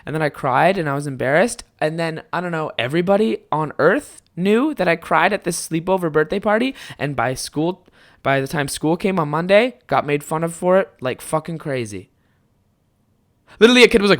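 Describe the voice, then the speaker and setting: A young man hosts a casual solo podcast, telling stories in a loose, rambling way. His voice sits a little high, and he swears freely. Now and then he breaks into loud, animated outbursts. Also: brisk. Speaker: podcast host.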